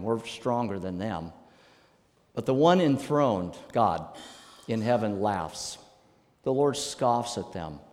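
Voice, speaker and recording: A male pastor preaching a sermon, emphatic and animated, with sudden loud bursts. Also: lowish voice. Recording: long reverb of a church hall.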